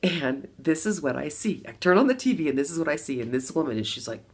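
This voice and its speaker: A middle-aged woman from Las Vegas telling a personal story to camera, animated, with bursts of laughter between lines. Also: deep voice, fast, breathy edge. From Las Vegas, USA. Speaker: vlogger.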